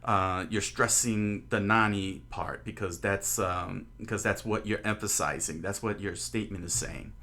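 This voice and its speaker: A man with a fairly low voice talks a viewer through a grammar point in a loose, rambling stream style. He fills gaps with uh and um, breaks off and restarts his sentences, and keeps drawing as he explains. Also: normal speed, hardly any pauses, bright, forceful tone. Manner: rambling, many fillers and restarts, drawing on a board while talking. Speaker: streamer teaching Japanese. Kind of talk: casual explaining on a livestream.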